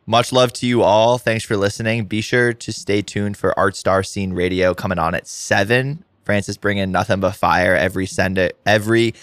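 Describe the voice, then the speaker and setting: A man's voice: on the low side, fairly even intonation, normal speed, hardly any pauses, a bit bright, dry recording, studio quality. A man co-hosting a community radio music show, a laid-back talker who says "dude" a lot. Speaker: radio co-host. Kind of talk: casual radio banter.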